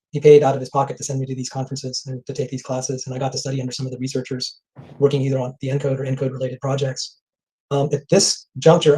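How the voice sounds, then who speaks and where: A man speaking as an interview guest, telling anecdotes in a rapid flow and often repeating words. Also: mid-range voice, mellow, poor audio. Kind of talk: conversational interview.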